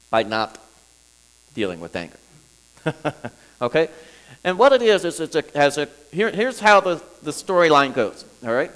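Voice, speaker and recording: A male preacher talks to his congregation with a fairly high, very lively voice that swoops up and down. He stops and restarts often, with chuckles along the way. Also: rough recording. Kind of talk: sermon teaching. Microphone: recorded for viewers at home.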